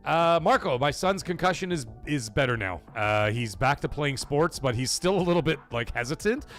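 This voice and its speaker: A man's voice: fairly high pitch, expressive, normal speed, a bit bright. Middle-aged guy hosting a gaming stream, rambly and sweary, faint music playing behind him. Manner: profane, rambling, emotional storytelling; reads viewer super chats aloud. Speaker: livestream host. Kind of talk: casual live-stream chat.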